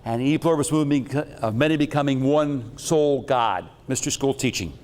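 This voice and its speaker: A man's voice: medium pitch, fairly quick, a little mellow, in a large hall. A man giving a lecture with slides on metaphysics, talking in a rambling, jokey and irreverent way.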